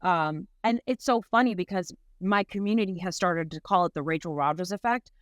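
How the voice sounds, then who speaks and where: A woman from New York talking as a podcast guest, lively and laughing often, dropping "like" and "right?" all through. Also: lowish voice, brisk, no room sound, clean studio sound. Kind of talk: casual interview talk.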